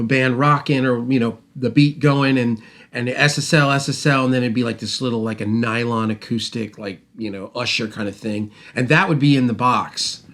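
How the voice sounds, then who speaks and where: A middle-aged man tells a long story in a loose, casual way. He rambles and restarts, then acts out what other people said. His pitch is ordinary, neither high nor low. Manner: animated, rambling, with restarts and acted-out quotes. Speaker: host, mixing engineer.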